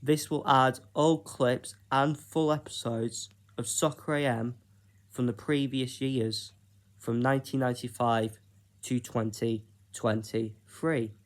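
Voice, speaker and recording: A man from Britain talks through a list of ideas in a relaxed solo vlog. He speaks at a slow, unhurried pace with a mid-range voice, often pausing and filling gaps with hesitant ums. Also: medium pitch. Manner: unhurried, hesitant, with frequent fillers. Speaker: YouTuber.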